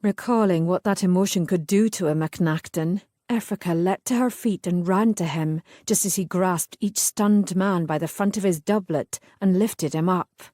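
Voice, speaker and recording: Low, mellow-voiced woman narrating. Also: moderate pace, few pauses, no room sound, studio quality. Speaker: audiobook narrator. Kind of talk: scripted narration.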